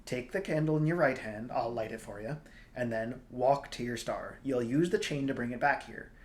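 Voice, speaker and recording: A brisk little hairy man barking orders, as a man puts him on in a storybook reading, raised and a touch loud. His phrasing is quaint and country-flavored, pushing the listener to hurry. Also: mid-range voice, natural voice. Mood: bossy.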